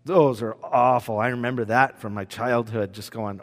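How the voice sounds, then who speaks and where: A man preaching a sermon in a church hall, his voice carrying a long reverb. He tells stories animatedly, jumping from loud bursts to quiet, hushed lines. His pitch sits in an ordinary middle range. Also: slow, hardly any pauses. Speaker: pastor.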